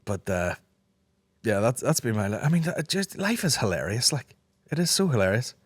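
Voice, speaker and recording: A man's voice: mid-range voice, big pitch swings, normal speed, breathy edge, dry recording, studio quality. A man in his thirties with a Northern Irish accent, hosting a solo comedy podcast, rambling and swearing freely while acting out other people's voices, his throat sore. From Northern Ireland. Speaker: podcast host.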